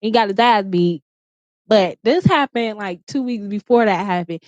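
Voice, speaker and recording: Talking straight to camera in her bedroom, a woman vlogger relates a personal story in a slightly mellow, medium-pitched voice at normal speed. She's candid and profane, with frequent "like"s and sentence restarts. The recording is dry, lacking room echo, and somewhat dull and lo-fi.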